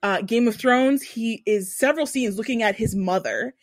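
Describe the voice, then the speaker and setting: Woman, podcast co-host, casual chat, animated, dry sound. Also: normal speed, dry recording. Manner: animated, swearing storyteller with big pitch swings.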